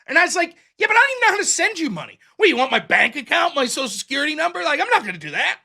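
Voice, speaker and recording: Male host, high and very lively voice, self-mocking storyteller who acts out dialogue. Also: racing, vocal fry. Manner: animated, acts out both sides of dialogue. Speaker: livestream show host. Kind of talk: casual storytelling.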